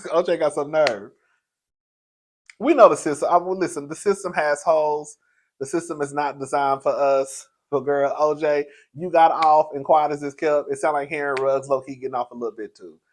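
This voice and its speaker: A man's voice: fairly high pitch, fairly even intonation, moderate pace, slight background noise. A man hosting casual gossip commentary, chatty and sassy, laughing often and calling the audience girl. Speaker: host.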